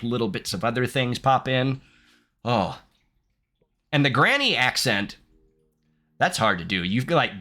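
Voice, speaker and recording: Playful bright-voiced man streaming a game. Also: medium pitch. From United States. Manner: playful, chatty, laughs often, reads game text aloud. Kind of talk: live-streamed gameplay commentary.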